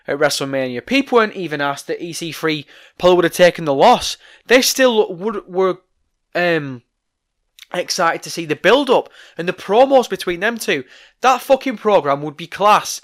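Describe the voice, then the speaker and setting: A young man delivers a fired-up, profane solo commentary with a fairly high voice. His voice is straining and going hoarse as he rants, firing off his opinions fast and loud. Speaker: wrestling news host.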